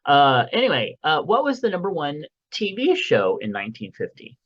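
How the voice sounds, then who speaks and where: A man's voice: on the high side, wildly swooping pitch, normal speed, highs cut off. A man co-hosting a podcast in casual, rambling chat, joking and trailing off with fillers, recorded at home. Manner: rambling, jokey, lots of fillers. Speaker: podcast co-host. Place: home recording room, window open.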